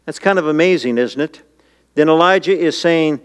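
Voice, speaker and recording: A man preaching a sermon as pastor, reading scripture and asking the congregation questions in an earnest manner. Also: moderate pace. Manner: voice jumps high and urgent when paraphrasing scripture. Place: church.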